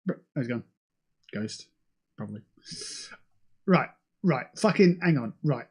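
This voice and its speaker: A young British man hosting a livestream in casual, sweary chat that jumps between high and low. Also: animated, unhurried, breathy edge. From United Kingdom. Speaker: livestream host.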